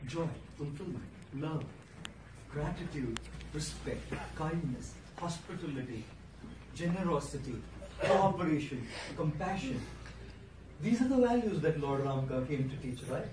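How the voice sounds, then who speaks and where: A man, a monk giving an inspirational public speech, telling stories and listing words with pauses for effect. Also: a little high, lively intonation. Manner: storytelling, rhetorical, lists words with pauses. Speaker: monk giving a motivational talk. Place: large hall before an audience. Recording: echoey hall, distant mic, noisy.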